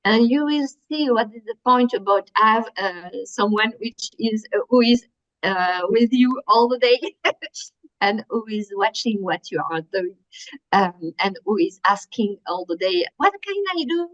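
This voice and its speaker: A woman with a French accent giving a workshop presentation, halting and searching for words with many fillers. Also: mid-range voice, fairly bright tone, no room sound. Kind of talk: online presentation. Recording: dull lo-fi audio.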